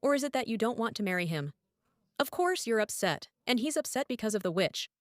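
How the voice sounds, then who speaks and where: A woman's voice: a little high, very animated, brisk, no echo. Dry-voiced woman giving a tarot reading. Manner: musing, repeats herself, talks straight to the viewer. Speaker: tarot reader.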